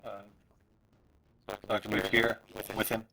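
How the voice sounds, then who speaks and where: A man's voice: on the low side, monotone, a little slow, creaky, a crowd in the background, poor audio. A man playing a tabletop game, describing his moves hesitantly with many fillers. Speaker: player.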